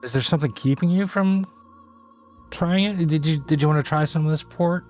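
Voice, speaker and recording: A man playing a tabletop game, talking in a persuasive, halting way. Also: fairly high pitch, darkish tone, soft background music. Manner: persuasive, hesitant fillers. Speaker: player. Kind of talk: in-character table talk.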